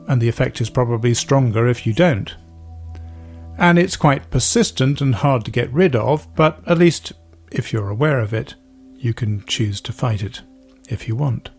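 A man, a podcast host talking through ideas about music in a thoughtful, measured way. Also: medium pitch, darkish tone. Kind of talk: explanatory talk about music.

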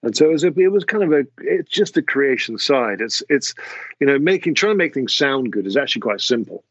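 An English man, a music producer, answering interview questions in a halting way with many restarts. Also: medium pitch, very animated, no echo, dull audio. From England. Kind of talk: casual interview talk.

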